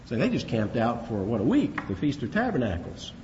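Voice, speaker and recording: Animated man preaching in a hall. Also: fairly quick. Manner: animated, rhetorical, rises in pitch for emphasis. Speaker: preacher teaching from the Bible. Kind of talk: expository Bible sermon. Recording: dull reverberant hall recording with faint hiss.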